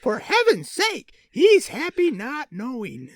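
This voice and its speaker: A man's voice: extremely high pitch, huge pitch swings, takes it slowly, dry recording, clean studio sound, heavily acted. A man voicing a protective middle-aged witch mother, hesitant and self-conscious, in a casual podcast table read.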